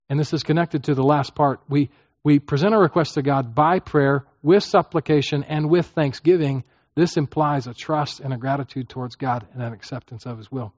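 A man's voice: on the high side, moderate pace, no room sound. Man preaching with dry, dull sound. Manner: conversational teaching, frequent "okay?" check-ins, acts out prayers. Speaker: pastor. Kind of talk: sermon.

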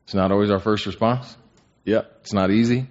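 A man leads a Bible class in a somewhat low voice, drawing answers out of the group with questions. He often doubles his words as he restarts a phrase. The recording is muffled and lo-fi. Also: steady tone, brisk, a little mellow. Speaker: Bible study teacher. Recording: dull lo-fi recording.

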